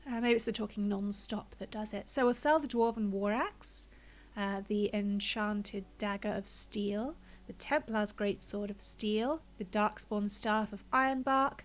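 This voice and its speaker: A woman's voice: medium pitch, slow pace. A woman streaming a game, chatting casually and thinking aloud as she plays, a little out of breath and with a blocked nose. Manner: chatty, thinks aloud, narrates own choices. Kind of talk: casual gameplay commentary.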